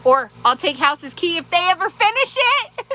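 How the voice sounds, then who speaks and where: A woman's voice: extremely high pitch, pushed and bright, low-quality recording. A woman vlogger chatting casually to the camera, rambling and laughing often, with many restarts. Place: small town in Arizona. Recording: clear background noise.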